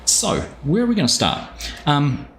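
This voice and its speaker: A man's voice: fairly high pitch, wildly swooping pitch, moderate pace, gravelly, a bit bright, slight background noise. A New Zealand man streaming a game live from home, chatting casually and greeting viewers by name. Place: home room.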